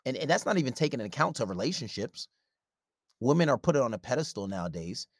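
A man's voice: mid-range voice, very animated, quick pace, no echo, clean studio sound. A man delivering a blunt, profane advice rant in a confrontational way. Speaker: relationship advice commentator. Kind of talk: ranting advice monologue.

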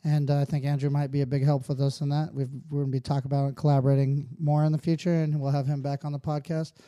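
Casting: male podcast co-host, mellow dark tone, a touch high, crude jokes, dry close sound. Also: little pitch movement, fast, no room sound. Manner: profane, joking, speaks in a motivational tone when wrapping up. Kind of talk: casual podcast chat.

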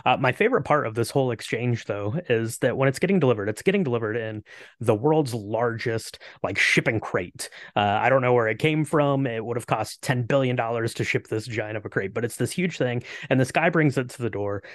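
A man's voice: mid-range voice, fairly quick, dry recording, clean studio sound. Chatty man discussing a movie. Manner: chatty, many "uh" fillers. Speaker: podcast co-host.

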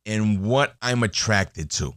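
A man in his thirties talks casually and slowly into a close mic, his voice low but swinging widely in pitch. He rambles, restarting sentences and filling gaps with "like" and "uh." The sound is dry and close. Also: expressive, dry recording. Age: 30s. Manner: rambling with many fillers and restarts. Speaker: podcast host. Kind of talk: casual monologue.

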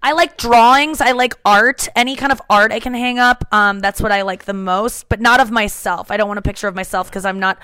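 A woman hosting a podcast, chatting casually and retelling scenes with lively acted-out lines. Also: medium pitch, a little fast, few pauses, clear, resonant tone, no room sound. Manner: animated storyteller, acts out scenes. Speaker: podcast host. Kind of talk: casual chat.

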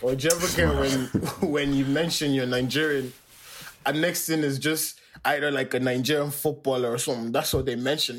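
A young man co-hosting a podcast, casually telling animated stories and acting out voices. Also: medium pitch, fairly quick, a little hiss or hum. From Ireland. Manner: animated storyteller, acts out voices, laughs a lot. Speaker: podcast co-host. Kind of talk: casual chat.

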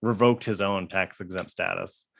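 A man's voice: deep voice, steady tone, moderate pace, creaky, a bit bright. Rambling male podcast co-host. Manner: rambling, restarts often, wry laughs. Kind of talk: casual podcast chat.

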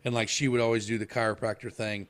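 A man's voice: lowish voice, flat delivery, quick pace. A man from Indiana co-hosting a casual podcast chat, rambling and repeating himself with lots of filler words. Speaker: podcast co-host.

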